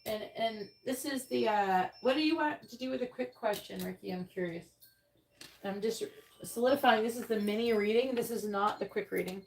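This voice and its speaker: A woman's voice: mid-range voice, normal speed, vocal fry, slight background noise, poor audio. A woman hosting a live tarot stream, talking bluntly and profanely in a casual, exasperated way. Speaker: tarot reader hosting a livestream. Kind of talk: casual livestream talk. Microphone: earbuds.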